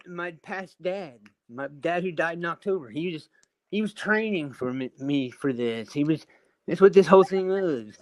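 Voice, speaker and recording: A man chatting casually on a live video call panel, rambling as he shows off things he built. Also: on the high side. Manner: rambling, shows off his stonework and builds. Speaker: panel guest.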